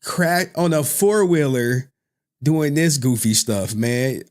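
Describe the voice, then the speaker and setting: A man's voice: medium pitch, takes it slowly. A man who streams reaction videos, chatting casually in loose slang and laughing often between remarks.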